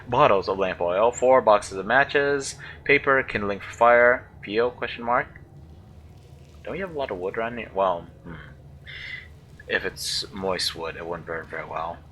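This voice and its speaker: A man with a low voice and a bright, forceful tone gives casual commentary while playing a game, thinking aloud and hesitating. He sounds unsure and muses over how to pronounce unfamiliar words, with poor audio and a faint hiss behind him.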